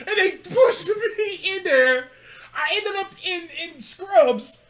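High, bright, animated man telling stories. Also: unhurried. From California. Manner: animated, laughing often, acting out quotes. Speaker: podcast co-host. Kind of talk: casual storytelling chat.

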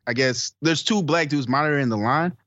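A man's voice: on the high side, a little fast, no room sound, lo-fi sound. Laid-back man telling a story, dry close mic. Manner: animated, swearing, acts out quoted people, laughs often. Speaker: podcast co-host. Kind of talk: casual storytelling among friends.

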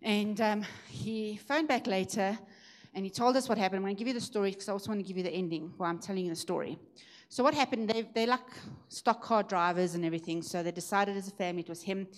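A woman preaching a testimony, telling the story in a lively way and growing emphatic at the high points. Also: fast. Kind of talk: sermon testimony.

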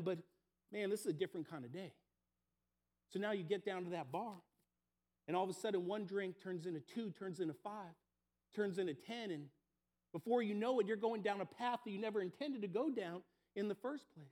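A man's voice: sits high, lively intonation, fairly quick. A man preaching a sermon, telling everyday stories and acting out the people in them. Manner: storytelling, acting out everyday scenes. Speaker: pastor.

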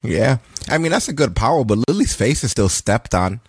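A man's voice: medium pitch, sing-song, moderate pace, a little mellow, husky, no echo. A man casually recapping wrestling results on a podcast, loose and profane, cracking jokes as he goes. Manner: loose, profane, joking storytelling. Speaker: podcast co-host.

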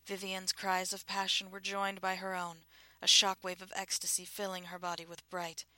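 A woman reading a novel aloud as narrator in a hushed, breathy style that often drops to a half-whisper. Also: medium pitch, completely flat delivery, moderate pace, no echo. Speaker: audiobook narrator. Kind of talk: scripted narration.

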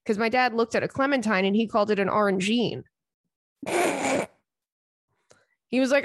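A woman's voice: fairly high pitch, normal speed, long pauses, no room sound, clean studio sound. A woman hosting a casual solo podcast from home, telling candid, profane stories in a chatty way. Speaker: podcast host. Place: home, indoors.

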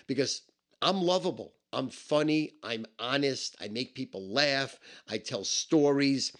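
A man's voice: medium pitch, fairly bright tone. A man telling a personal story in a blunt, emphatic and heavily profane way. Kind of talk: casual spoken anecdote.

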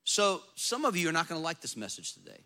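A man, a pastor preaching a sermon in a church, acting out doubters' voices as he goes. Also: fast. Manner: animated preaching, acts out skeptics in a high voice.

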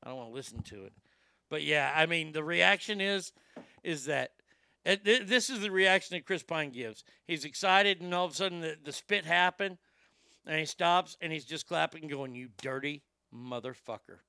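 A man's voice: fairly high pitch, normal speed, gravelly, sharp tone, smooth, no echo, studio quality. A man hosting a commentary show, delivering a brash, swaggering, profane comedic rant. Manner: brash, swaggering, heavy swearing.

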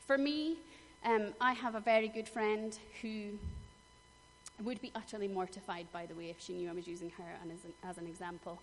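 A woman's voice: medium pitch, steady tone, moderate pace. Middle-aged female preacher, earnest storyteller with emphatic moments; reverberant hall. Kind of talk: sermon. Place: church hall. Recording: long hall reverb, faint noise.

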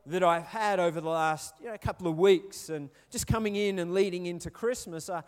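High-voiced Australian pastor in a hall. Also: male voice, brisk. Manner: chatty, storytelling, asks the crowd questions. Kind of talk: sermon. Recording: reverberant hall.

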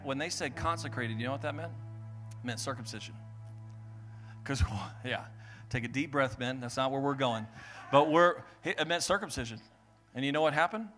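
A young adult man preaching a sermon, telling stories and acting out voices with lively delivery. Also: medium pitch. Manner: animated storytelling, acts out voices. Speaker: pastor.

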